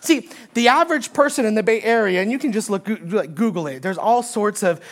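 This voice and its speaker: A woman's voice: medium pitch, lively intonation, fairly quick. A woman preaching a sermon, emphatic, repeating key phrases and rising in force when she quotes. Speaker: pastor.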